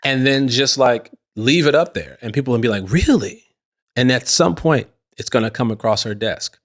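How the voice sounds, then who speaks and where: A man's voice: mid-range voice, normal speed, fairly bright tone. A man co-hosting a podcast, telling stories in a loose, laughing way with frequent restarts. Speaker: podcast co-host. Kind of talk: casual chat.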